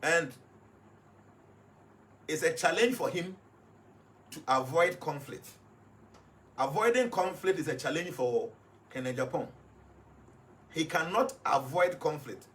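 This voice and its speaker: A man's voice: on the high side, expressive, measured pace, pauses often, fairly bright tone. A man with a Ghanaian accent, a life coach in casual talk, switching often between English and Twi and repeating words with many fillers.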